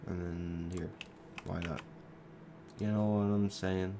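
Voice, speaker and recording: A young man fighting a cough talks through a game in a very deep, gravelly voice, rambling from one joke to the next and losing his train of thought. He speaks into a desk mic with a faint hiss and keyboard clicks behind him. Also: level tone, slow. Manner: rambling, joking, drifting off mid-thought. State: sick with a cough. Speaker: gaming video creator. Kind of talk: rambling gameplay commentary. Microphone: desk microphone.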